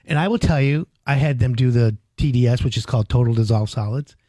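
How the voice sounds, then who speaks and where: A man in his fifties hosting a home improvement radio show, telling stories with loud animated bursts. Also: medium pitch, fast, no echo. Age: 50s. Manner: animated storyteller, loud bursts, reads phone number. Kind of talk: casual radio chat.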